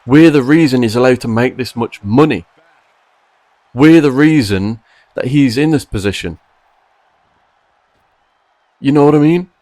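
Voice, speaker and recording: A man's voice: mid-range voice, unhurried, long pauses, darkish tone, no room sound. Exasperated man ranting, dry sound. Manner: frustrated, exasperated, emphatic. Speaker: wrestling commentary vlogger. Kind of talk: opinion rant to camera.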